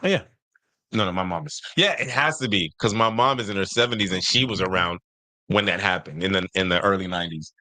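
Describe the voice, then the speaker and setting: Host, male, casual storyteller, average pitch, dry close mic. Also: fast, no room sound. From Nigeria and the US. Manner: animated storyteller, acts out quotes. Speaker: podcast host. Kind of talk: casual chat.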